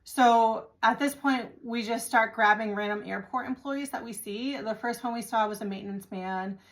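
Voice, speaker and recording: A woman from the United States talks straight to her viewers in a relaxed, chatty storytelling voice. She sounds exasperated and acts out the people she met along the way. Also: on the high side, moderate pace. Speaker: vlogger. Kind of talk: casual storytelling to camera.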